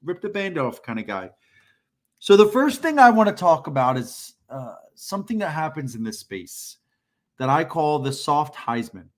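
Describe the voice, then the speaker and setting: A man's voice: fairly high pitch, big pitch swings, normal speed. A man co-hosting a job-search livestream, talking casually and bluntly, saying plainly what he thinks people need to hear. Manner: blunt, direct, self-described band-aid ripper.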